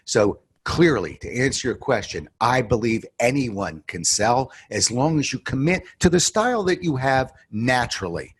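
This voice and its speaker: Man, sales trainer guest on an interview show; husky, animated storyteller who hits words hard. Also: normal speed, few pauses. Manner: animated storyteller, emphatic, swings from low asides to loud stresses. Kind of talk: podcast interview answer.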